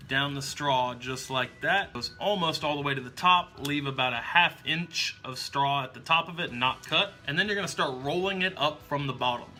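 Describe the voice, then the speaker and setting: Bright-voiced man teaching magic tricks. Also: a little high, normal speed, hardly any pauses, faint music behind. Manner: upbeat, step-by-step explaining. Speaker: magic tutorial host. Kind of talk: instructional demonstration.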